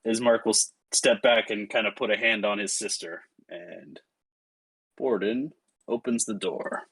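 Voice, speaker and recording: A man narrating a tabletop game as game master, often pausing with filler sounds. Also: lowish voice, fairly even intonation, fairly bright tone, slightly rough, poor audio. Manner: hesitant, with frequent filler sounds.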